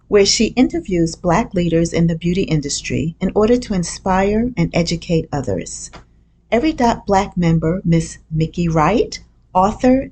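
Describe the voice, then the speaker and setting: Woman introducer, reads from script, deliberate listing delivery, mid pitch. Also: darkish tone.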